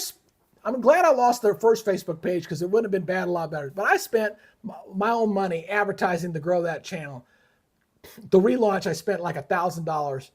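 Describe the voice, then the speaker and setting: A middle-aged man hosting a live weather stream, heated and ranting, swearing often in casual commentary. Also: sits high. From Georgia, USA. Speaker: weather livestream host.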